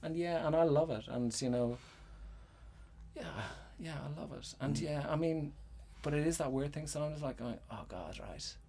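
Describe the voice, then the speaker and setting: A man's voice: fairly high pitch, steady tone, normal speed, mellow, a little hiss or hum. A middle-aged Irish man, a playwright, talking in a loose casual chat, rambling with lots of fillers and restarts and frequent swearing. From Ireland. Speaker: guest playwright. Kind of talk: casual conversation.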